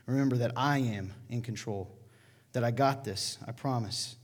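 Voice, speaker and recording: A male pastor preaching in a church hall, his mid-pitched voice trailing off into a long reverb. He talks to the congregation in a loose, chatty way and drops playful asides to the crowd. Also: moderate pace. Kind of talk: sermon to a congregation.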